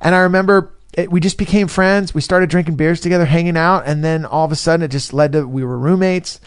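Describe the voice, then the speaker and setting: A man's voice: a little high, fast, smooth. A man from California, a comedian, telling a long casual story in a podcast chat and acting out his friends' lines. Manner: animated, acts out quoted friends, swears freely.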